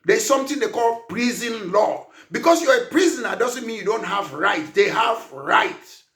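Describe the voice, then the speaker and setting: A man's voice: sits high, animated, normal speed, fairly bright tone, echoey room. A man with a Cameroonian English accent, a party leader and lawyer giving a political speech, impassioned and repetitive, firing rhetorical questions and often raising his voice. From Southern Cameroons.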